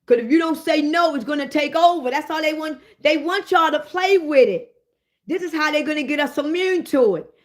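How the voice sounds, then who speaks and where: Woman, high voice, comedic rant, profane, animated, talks to listeners directly. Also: normal speed. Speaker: host.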